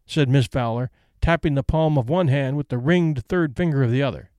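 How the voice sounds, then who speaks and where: A man reading a classic short story aloud in a measured, even way. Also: medium pitch, smooth, no room sound, clean studio sound. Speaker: narrator. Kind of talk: scripted audiobook narration.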